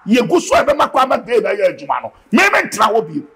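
A man with a Ghanaian accent, a guest preacher in an interview, talking in an animated, preachy way that bursts into shouting. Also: sits high, quick pace, vocal fry, breathy edge. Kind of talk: impassioned interview talk mixing Twi and English.

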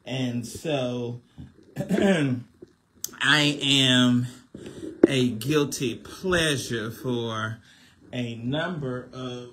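A man's voice: mid-range voice, very slow, pauses often, background noise. A man, hosting a casual phone livestream as a minister, chatty and preachy, often laughing.

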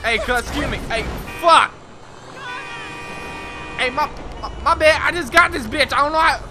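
A man giving casual gameplay commentary, excitable and whooping, with lots of cursing and trash talk. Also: extremely high pitch, normal speed. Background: game music and car sounds.

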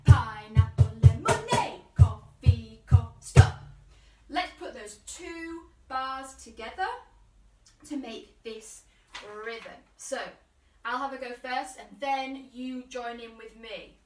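A woman's voice: high voice, slow pace, a bit bright, faint music behind. A woman leading an online percussion workshop, chanting rhythm words and counting learners in for call-and-response drumming. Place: room at home, live video session. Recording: roomy, distant live-stream audio.

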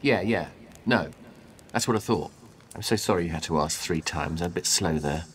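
A man's voice: sits low, normal speed, a little hiss or hum, lightly acted. A man acting as a bewildered, apologetic disciple in a comic church skit. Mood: sheepish. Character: flustered, slow-witted disciple Peter.

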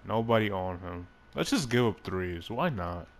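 A man casually commenting on his own basketball video game, excitable, swearing and laughing at himself. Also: deep voice, moderate pace. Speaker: gaming YouTuber.

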